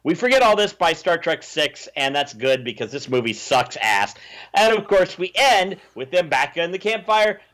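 A man's voice: a little high, very animated, moderate pace, a bit bright. A man hosting a casual movie review chat, sarcastic, mocking characters with exaggerated voices. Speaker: podcast host.

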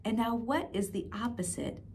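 A woman's voice: a little high, moderate pace, gravelly, a little hiss or hum. Sing-song woman leading a children's rhyme. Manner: animated, sing-song, coaxing voice for small children. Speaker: children's librarian.

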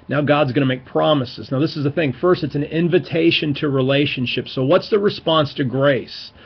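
A man's voice: on the high side, normal speed, creaky, hardly any pauses, breathy edge, highs cut off. A man giving an informal, enthusiastic Bible teaching lecture, stressing key words as he explains.

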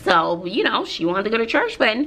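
A woman's voice: mid-range voice, fairly quick, a little hiss or hum. A woman, chatting casually in a vlog. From Texas, USA. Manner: chatty, animated storytelling with asides. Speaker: vlogger and teacher.

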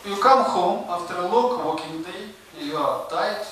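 A man from Russia with a Russian accent, doing a stand-up comedy set on stage with a deadpan, ironic delivery. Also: high voice, a little slow. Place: stage at a live show. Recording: very echoey, distant, noisy room mic.

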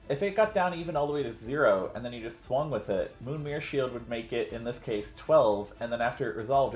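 A man chats through a card game match as co-host, rambling along with plenty of filler words. His voice sits in a roomy, echoing space. Faint music plays underneath. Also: medium pitch. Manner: chatty, rambling with many "like" fillers. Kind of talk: casual game commentary. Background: faint background music.

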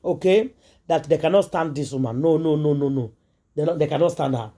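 A woman's voice: low voice, fairly quick, mellow. Emphatic Nigerian woman gossip vlogger. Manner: emphatic, repetitive and preachy, with mixed Pidgin. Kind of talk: casual celebrity gossip commentary.

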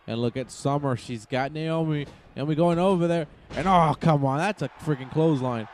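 Excitable man doing play-by-play. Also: a little high, normal speed, a little hiss or hum. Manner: excitable, rambling, jumps into sudden shouts. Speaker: gameplay commentator. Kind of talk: excited play-by-play of a wrestling video game.

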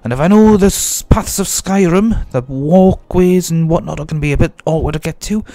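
Gravelly man. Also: on the high side, normal speed, warm tone, no room sound. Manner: chatty, jokey, talks to himself while playing. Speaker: let's play host. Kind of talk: casual gameplay commentary.

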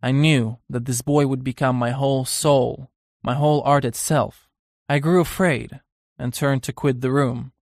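A man's voice: medium pitch, steady tone, measured pace, darkish tone, dry recording, studio quality, close to an everyday voice. A man voicing an earnest young painter in an audiobook, confiding and uneasy in tone.

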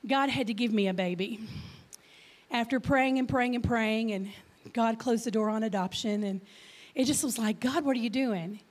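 Lively high-voiced Texan woman. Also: moderate pace. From Texas. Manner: lively, chatty, jokes and audience questions, slight stutter. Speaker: guest speaker. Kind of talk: church talk to congregation. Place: church.

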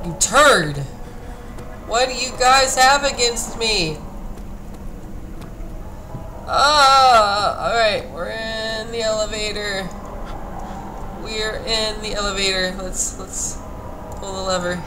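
A man giving let's play commentary as a gaming YouTuber, talking to himself with jumpy, excitable exclamations. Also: high voice, slow pace, long pauses. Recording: noisy home recording.

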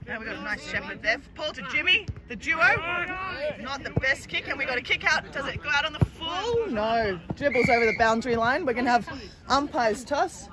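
A woman giving chatty, excitable live commentary on an amateur match from the sideline, laughing easily. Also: high voice, a little fast. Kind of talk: casual live sports commentary. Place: outdoors at a sports field sideline. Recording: outdoor sideline with crowd noise. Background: spectators cheering and chatting.

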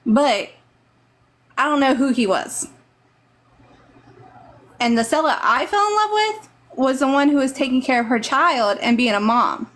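A woman's voice: high-pitched, expressive, unhurried, pauses often, fairly bright tone. A woman from Texas with a Texan accent, giving rambling, earnest, motherly advice on a live stream over a phone mic.

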